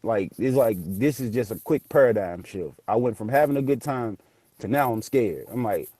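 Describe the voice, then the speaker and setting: A man tells a story with animated, profane energy and acts out each voice. His tone is mellow and warm, and the recording is dry and close. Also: mid-range voice, moderate pace, no room sound. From Memphis area, US South. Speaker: guest telling a ghost story. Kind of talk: casual storytelling.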